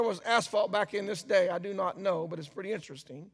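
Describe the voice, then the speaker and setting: A preacher with a very high, gravelly voice delivers a sermon. He reads scripture slowly with heavy emphasis, then drops into a casual aside. The sound carries a long reverb from a large church hall.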